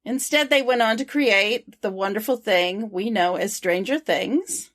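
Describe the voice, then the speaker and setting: A woman's voice: medium pitch, unhurried, fairly bright tone. A woman co-hosting a podcast, reading prepared trivia and chatting loosely. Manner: reads prepared trivia, then chats loosely. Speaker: podcast co-host. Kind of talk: reading notes and casual chat.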